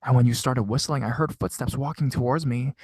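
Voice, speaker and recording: A man's voice: mid-range voice, steady tone, fairly quick, darkish tone, dry recording, close to an everyday voice. A man voicing a terrified, crying teenage girl, attempting a British accent and stumbling over his words.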